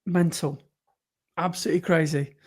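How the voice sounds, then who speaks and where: A man's voice: on the high side, fairly even intonation, moderate pace, slightly rough. A man, co-hosting a podcast, chatty and encouraging as he reads out listener emails. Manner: chatty and encouraging, rattling through messages. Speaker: podcast co-host. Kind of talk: casual chat, reading listener emails.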